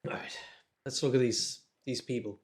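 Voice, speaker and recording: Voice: medium pitch, fairly even intonation, moderate pace. A streamer chatting casually and in a laid-back way, mostly in short replies. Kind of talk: casual chat. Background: game music.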